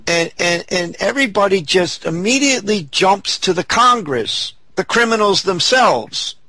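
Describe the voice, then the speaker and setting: A man hosts a political talk show in a somewhat high voice, talking slowly and hesitantly as he searches for words. The sound is dry and close. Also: expressive, bright, forceful tone, no echo.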